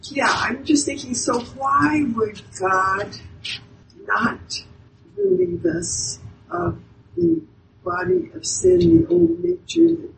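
A woman's voice: extremely high pitch, takes it slowly, creaky. A woman in a class, asking a question hesitantly and thinking aloud as she speaks. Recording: distant, roomy and noisy.

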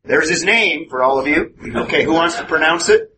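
A man's voice: a little high, expressive, moderate pace. A man teaching a Bible class in a methodical, explanatory way, often putting questions to his students. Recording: noisy room recording.

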